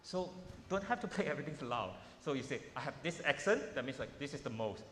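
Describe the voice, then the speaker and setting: A man's voice: mid-range voice, expressive, fast, slight background noise. A man teaching piano in a workshop, coaching in an informal way with repeated words and simple phrasing. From Malaysia. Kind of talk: masterclass teaching. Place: large hall with a piano. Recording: roomy hall echo with piano playing.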